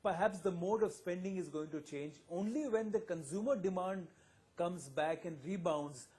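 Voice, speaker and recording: A man speaking as an economist guest on a live TV news panel, explaining in a measured, analytical way. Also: high-pitched, mellow.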